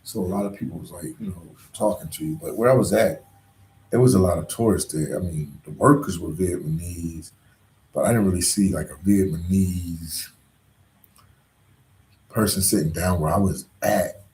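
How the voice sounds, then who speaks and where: Man, dark mellow voice, roomy echo, slangy rambling live-stream chat. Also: low-pitched, normal speed, slight background noise. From Philadelphia. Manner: slangy and rambling, full of "like" and "you know". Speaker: travel vlogger on a live stream.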